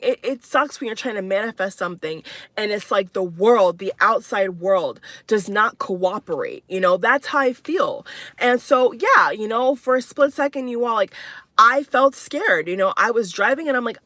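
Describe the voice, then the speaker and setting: Emphatic young woman with a bright voice. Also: fairly high pitch, no echo. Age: 20s. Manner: emphatic, repeats herself, fillers like "you know". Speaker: spiritual vlogger. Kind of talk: candid personal monologue.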